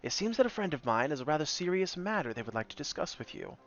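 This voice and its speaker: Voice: medium pitch, sing-song, fast. A man voicing a formal, pompous school principal who talks in long, overly polite sentences, in a slightly muffled recording with faint game music behind.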